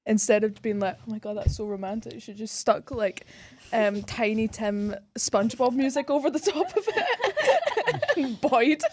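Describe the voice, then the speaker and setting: A woman's voice: fairly high pitch, animated, unhurried, a little hiss or hum. A woman co-hosting a podcast, telling a casual anecdote between laughs. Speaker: podcast co-host. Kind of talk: casual chat.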